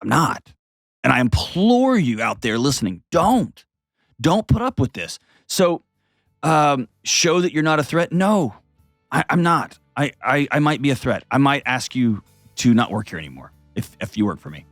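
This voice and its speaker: A man's voice: mid-range voice, very animated, moderate pace, fairly bright tone, dry recording, studio quality, faint music behind. A middle-aged man hosting an advice show, blunt and emphatic, driving his points home with short repeated commands. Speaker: show host. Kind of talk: opinionated advice commentary.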